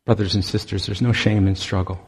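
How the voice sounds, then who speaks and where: A man preaching a sermon to his congregation, speaking in an earnest, exhorting way with many pauses. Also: lowish voice, fairly even intonation, gravelly, breathy edge.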